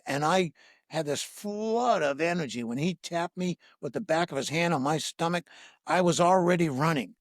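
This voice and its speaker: High-voiced man telling a story. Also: normal speed, dry recording, studio quality. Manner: lively anecdote with acted-out dialogue. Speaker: breathwork teacher, podcast guest. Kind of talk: storytelling in conversation.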